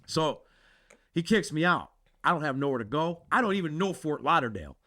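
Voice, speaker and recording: A man's voice: a little high, big pitch swings, fairly quick, bright, forceful tone, no echo, clean studio sound. A man co-hosting a podcast, telling a story in casual chat, acting out the people in it and swearing freely. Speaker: podcast co-host.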